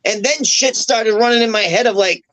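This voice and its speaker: A wrestler guest on a podcast tells a long story in casual, profane talk, animatedly acting out the quoted dialogue. His voice sits high, he speaks at a normal speed, and the audio is poor.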